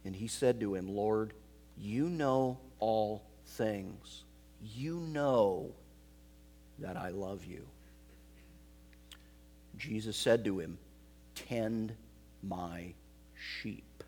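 A man preaching an expository sermon, slow and emphatic, repeating key phrases. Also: on the low side, lively intonation, dark tone, slight background noise. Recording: long hall reverb.

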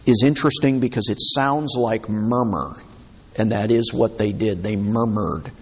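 Slow-spoken husky preacher in a hall. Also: male voice, mid-range voice. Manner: conversational, acts out the people's complaints with emphasis. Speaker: pastor. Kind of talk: expository sermon. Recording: long hall reverb.

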